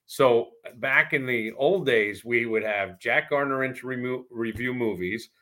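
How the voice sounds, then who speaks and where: A man and former radio host telling stories in casual chat, animated and acting out voices. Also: medium pitch, measured pace. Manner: animated storyteller who acts out voices.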